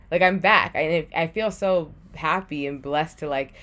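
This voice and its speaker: A woman's voice: low-pitched, unhurried, few pauses, fairly bright tone. A young adult woman telling a personal story in a casual, chatty way, with lots of "like" as she talks. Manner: chatty, heavy use of "like", acts out her own past thoughts. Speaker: podcast guest sharing a personal story.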